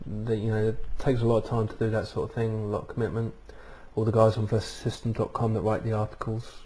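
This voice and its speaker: A vlog host chats casually into his webcam microphone, rambling and peppering his speech with "um"s and "uh"s. He's a fast talker with a fairly low, dark voice and flat delivery.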